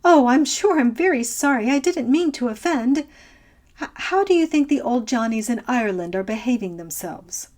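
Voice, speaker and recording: A woman voicing a breezy, slangy modern young woman who talks in a quick, offhand way. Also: on the high side, animated, a little mellow, natural voice.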